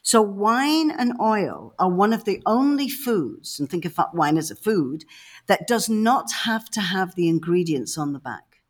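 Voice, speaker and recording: A woman from the north of England, co-hosting a podcast and telling stories in a lively, emphatic, casual way. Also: medium pitch, measured pace. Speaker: podcast co-host. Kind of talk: casual chat.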